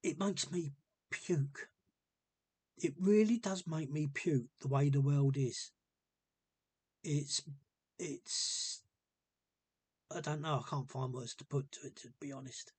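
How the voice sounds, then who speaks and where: A man's voice: on the high side, slow pace, long pauses, a little mellow, husky. A man telling a personal story in a casual, rambling way, often repeating himself with earnest feeling.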